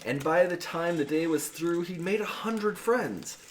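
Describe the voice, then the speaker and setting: A man with a somewhat high voice reads verse aloud on a casual podcast. He takes his time and swings his pitch widely, over a faint hiss. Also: a little slow. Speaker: podcast co-host.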